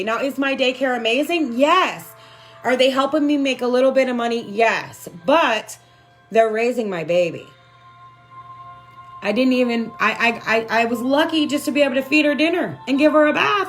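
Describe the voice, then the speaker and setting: A young to middle-aged woman, a little high-pitched, talks openly and emotionally to her livestream audience. She swears freely and keeps checking in with "right?" as she speaks. Soft music plays faintly behind her. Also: moderate pace. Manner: conversational, keeps asking "right?". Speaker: spiritual self-help vlogger. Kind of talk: candid livestream talk to viewers.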